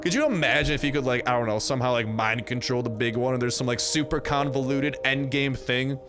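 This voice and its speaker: A man's voice: mid-range voice, brisk, over music. Chatty young man narrating gameplay. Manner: chatty, slangy, jokey asides. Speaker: gameplay commentator. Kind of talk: casual gameplay commentary.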